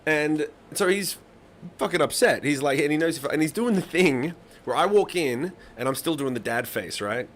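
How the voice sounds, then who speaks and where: With a slightly high, somewhat bright voice and lively intonation, a man in his thirties talks at normal speed with few pauses. He hosts a live songwriting stream, chatting casually, swearing freely, and telling rambling stories to his audience.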